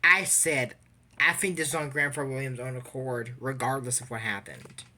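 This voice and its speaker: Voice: medium pitch, moderate pace, bright, forceful tone. A casual vlogger recapping an anime episode, rambling and opinionated, with lots of fillers.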